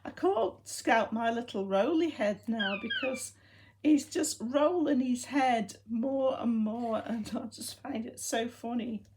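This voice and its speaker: A woman speaks in an unhurried, leisurely way, her voice sitting a little high. She chats casually to the camera and turns affectionately to her robot pets. A faint hiss runs underneath. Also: huge pitch swings, a little mellow. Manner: chatty, fondly talks to her robot dogs. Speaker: vlogger. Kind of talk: casual home vlog update.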